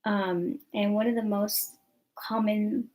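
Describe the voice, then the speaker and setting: A woman's voice: medium pitch, steady tone, takes it slowly, darkish tone, rough recording. A young woman, rambling casually to camera in a chatty vlog with lots of fillers. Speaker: vlogger.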